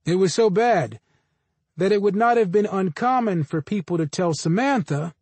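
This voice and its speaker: A man's voice: high-pitched, measured pace, darkish tone, no room sound, voice pushed up. A man voicing a bored, condescending middle-aged male teacher lecturing his class in an audiobook. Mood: bored scorn.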